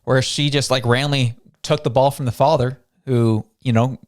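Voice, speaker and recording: A man's voice: medium pitch, fairly even intonation, moderate pace. Chatty man asking rhetorical questions. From Canada. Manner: conversational, fond of rhetorical questions. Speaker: show host. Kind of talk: casual political news commentary.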